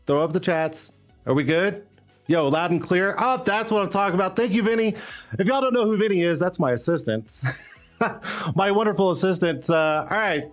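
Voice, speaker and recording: A man hosting a casual live stream, rambling and hyping up his chat with lots of "uh"s and laughs. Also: high-pitched. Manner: loose, rambling, hype talk with frequent "uh" and laughs. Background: faint background music.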